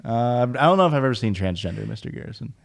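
A man's voice: medium pitch, expressive, very fast, creaky. A man from the American Midwest hosting a podcast in dry, teasing casual chat. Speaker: podcast host.

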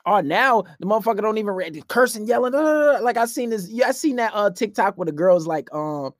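A man's voice: high-pitched, fairly quick, dry recording, studio quality. A young man hosting a podcast, ranting profanely and bluntly about dating in a rambling, casual way from his room at night. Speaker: podcast host. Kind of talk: casual dating-advice rant. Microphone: laptop.

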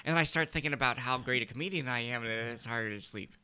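Bright-voiced deadpan man joking. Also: medium pitch, fast talker, slight background noise. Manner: deadpan, self-mocking jokes. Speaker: guest comedian. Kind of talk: casual podcast banter.

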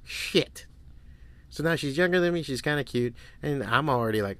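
A man's voice: medium pitch, lively intonation, moderate pace, fairly bright tone, no room sound. A man in his forties hosting a solo podcast, telling stories in a crude, rambling way and swearing freely. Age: 40s. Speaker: podcast host. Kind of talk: casual solo podcast monologue.

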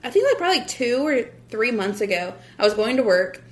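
A young American woman, appearing as a guest, talks casually about her faith, chatty and laughing often, with lots of fillers like "like" and "literally." Her voice is on the high side, sing-song and brisk.

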